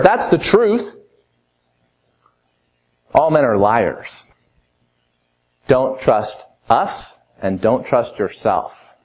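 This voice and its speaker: A man preaching a sermon as a pastor, emphatic, swinging between a raised voice and a quiet low tone. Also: poor audio. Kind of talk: expository sermon.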